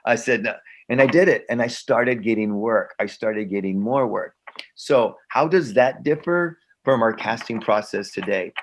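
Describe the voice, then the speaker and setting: A man's voice: mid-range voice, normal speed. A middle-aged man, an actor and guest, telling stories in casual conversation with frequent restarts and acted-out dialogue. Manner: animated, repeats himself, acts out quoted dialogue. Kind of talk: conversational storytelling.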